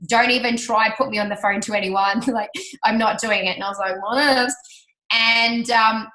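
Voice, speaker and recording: A woman telling a personal story to an audience, chatty and animated, laughing often and acting out what people said. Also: a little high, moderate pace. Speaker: speaker sharing her business success story. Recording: roomy hall reverb.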